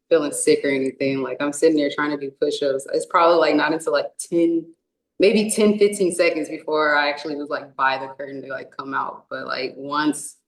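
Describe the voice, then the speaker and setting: A woman's voice: low voice, echoey room, poor audio. A young woman from California, a wrestler, answering interview questions casually and rambling with many fillers and restarts. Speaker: indie wrestler.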